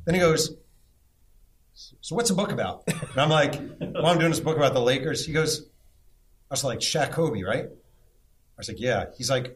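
A middle-aged man hosting a live podcast before an audience, telling lively stories and firing teasing questions. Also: mid-range voice, moderate pace, slight background noise. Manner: animated storyteller, teasing questions. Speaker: podcast host.

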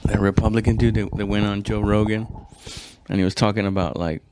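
Profane rambling man, low and dry. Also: little pitch movement, a little fast, darkish tone, dry recording. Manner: profane, rambling, restarts and self-corrections; laid-back, addresses listener as "dude". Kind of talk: casual comedic monologue.

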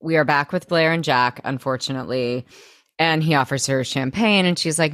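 A young woman with a deep, low voice co-hosts a casual recap podcast. She narrates the scenes bluntly and drops frequent swear words. The sound is dry and close. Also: moderate pace, fairly bright tone, no echo. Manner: dramatic retelling, blunt and swearing. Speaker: podcast co-host.

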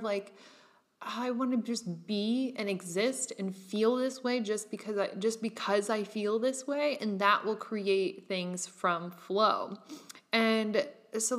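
A young woman in her twenties talks to her online audience in a rambling, casual monologue. She leans on filler words and drifts into a slow, dreamy drawl when she imagines things. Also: mid-range voice, a bit bright. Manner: chatty and rambling, with frequent "like" fillers; breaks into laughs and swears lightly. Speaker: online creator speaking to her followers.

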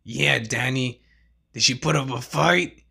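A man's voice: mid-range voice, unhurried, vocal fry, sharp tone, breathy edge, heavily acted. A man playing a taunting male teen greaser buddy, in a raised, mocking voice. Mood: teasing.

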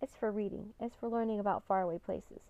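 A woman's voice: medium pitch, fairly even intonation, quick pace, warm tone, no echo, highs cut off, lightly acted. A woman voicing a cheerful, bold young girl with an upbeat manner. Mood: hushed.

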